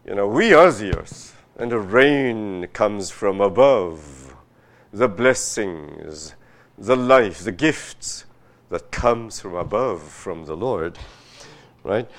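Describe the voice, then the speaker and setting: A man preaching a sermon, reading scripture aloud and pressing his listeners with rhetorical questions in a slow, emphatic way. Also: on the low side, lively intonation. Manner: reads scripture aloud with rising force. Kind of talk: sermon, Bible exposition.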